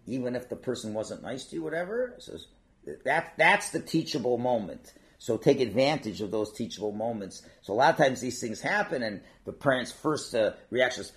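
Older man, religious teacher, casual lesson, lively pitch, animated and digressive. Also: normal speed. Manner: animated, digressive, acts out quotes. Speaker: Torah class teacher.

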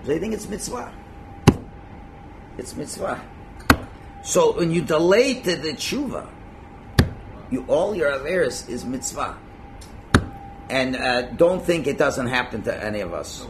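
Animated man teaching a religious class. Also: a little high, measured pace, pauses often, background noise. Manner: animated, acts out quotes, chuckles at own points. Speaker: Torah teacher.

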